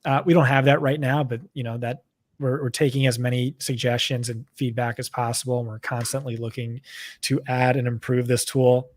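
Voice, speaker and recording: A man's voice: medium pitch, flat delivery. Chatty New Jersey man on a stream. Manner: quick, chatty, full of fillers. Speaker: co-host presenting a data tool. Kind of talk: casual live-stream chat.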